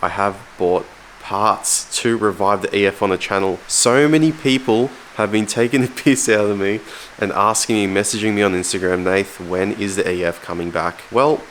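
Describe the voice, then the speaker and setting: A man's voice: fairly low pitch, moderate pace, slight background noise. A young Australian man casually telling a story in his car vlog, swearing and acting out the people he quotes. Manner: swearing, animated retelling with quoted voices. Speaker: car vlogger.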